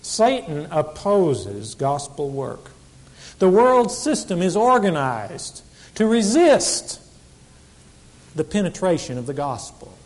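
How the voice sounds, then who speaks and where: A pastor delivering a Sunday sermon to his congregation. He is a man with a fairly high voice who builds emphatic peaks on key phrases, then drops to a quieter, earnest tone. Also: very animated, slow. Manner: emphatic preaching with rising and falling intensity. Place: church service.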